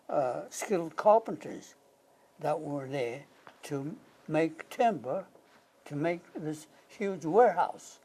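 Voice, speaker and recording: A man in his nineties tells long stories in an interview, his voice husky and unhurried. He speaks slowly, restarts his sentences, and sometimes drops his voice low as he reminisces. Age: 90s. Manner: slow anecdotal storytelling, dropping to a hush at key moments. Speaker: war veteran interviewee.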